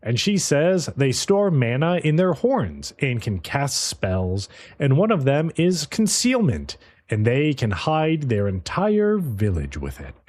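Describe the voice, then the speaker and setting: A man's voice: mid-range voice, slow pace. A man co-hosting a podcast, casually recapping an anime episode with profanity and playful character impressions. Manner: animated, profane storyteller, playfully mimics characters. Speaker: podcast co-host.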